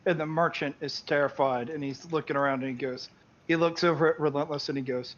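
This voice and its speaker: A man's voice: on the high side, steady tone, fairly quick, lo-fi sound. Man narrating as game master.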